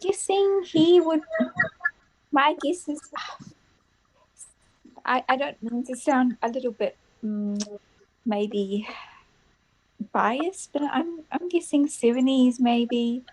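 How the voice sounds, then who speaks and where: Woman, call participant, high pitch, very slow, hesitant, dry sound. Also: animated, no room sound, low-quality recording. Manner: hesitant and careful, many pauses.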